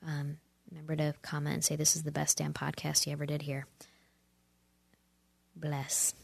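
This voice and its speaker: A woman's voice: sits low, monotone, moderate pace, vocal fry, no room sound. A woman hosting a podcast, ranting heatedly in a casual monologue and sometimes dropping into whispers. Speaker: podcast host.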